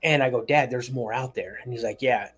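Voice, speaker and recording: A man's voice: mid-range voice, fairly even intonation, fairly quick, fairly bright tone, husky. A man calling in to a show, telling a long personal story in a rambling way, repeating words and acting out the voices of people he quotes. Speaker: caller.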